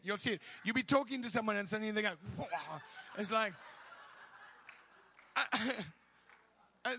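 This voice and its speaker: A male preacher telling a story in a sermon, animated and laughing, with loud bursts of prayer. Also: high-pitched.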